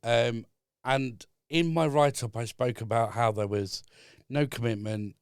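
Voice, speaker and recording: A man as a guest on a podcast in a studio, calmly explaining his business ideas with frequent fillers. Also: mid-range voice, clean tone, dry recording. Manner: measured, explaining step by step with many fillers. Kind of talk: casual chat.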